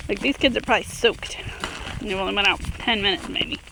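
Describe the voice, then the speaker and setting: A young woman hosting a family vlog outdoors in the snow, chatting casually to a handheld camera and cheering on small children in an excitable way. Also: mid-range voice, fast talker, vocal fry, noisy background. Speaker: vlog host and mother. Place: outdoors in the snow, backyard sledding hill.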